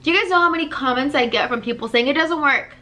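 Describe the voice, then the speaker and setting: Woman coach vlogging, kinda high bright voice, blunt tough love, repeats herself a lot. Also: rapid-fire. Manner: blunt tough-love lecturing, energetic and repetitive. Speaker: life coach and channel host. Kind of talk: direct-to-camera motivational vlog.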